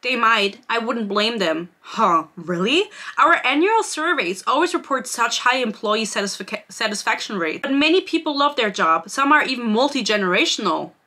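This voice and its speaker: A woman's voice: a little high, very animated, normal speed, sharp tone. A woman giving a casual, sarcastic book review rant, swearing freely and laughing often.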